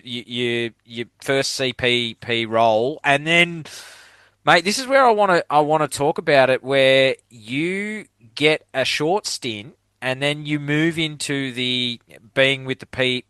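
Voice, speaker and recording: A man's voice: mid-range voice, sharp tone, clear, resonant tone, no echo. A middle-aged Australian man hosting a podcast in a laid-back, casual way, calling his guest "mate" all the time. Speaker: podcast host. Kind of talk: casual interview chat.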